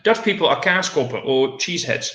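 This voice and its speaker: A man's voice: a little high, expressive, fairly quick, pushed and bright. A man talking casually over a video call, rambling with frequent restarts. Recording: echoey room.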